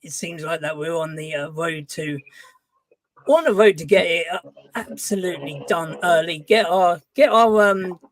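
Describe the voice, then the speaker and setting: Relaxed man in a dry home studio. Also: on the high side, normal speed, no echo. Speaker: guest co-host. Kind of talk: casual live-stream chat.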